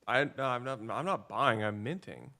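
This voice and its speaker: A man co-hosting a livestream in easygoing, playful chat who often trails off softly. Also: medium pitch, expressive, moderate pace. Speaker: co-host.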